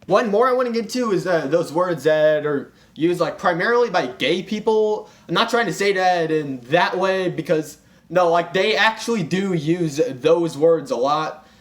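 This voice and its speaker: A man's voice: high voice, lively intonation, moderate pace. A young man in a comedic rant, exasperated and full of fillers and restarts. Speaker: commentary vlogger.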